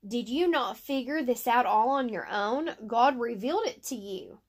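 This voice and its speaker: A woman reading aloud the words of Jesus, a grown man and calm, firm teacher, in a slow and earnest way. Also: on the high side.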